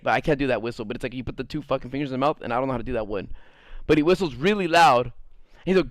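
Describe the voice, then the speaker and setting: A man's voice: on the high side, fast, long pauses, dry recording, studio quality. Rambling, foul-mouthed man streamer. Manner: rambling, filler-heavy, crude and profane. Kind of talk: casual storytelling to a live chat.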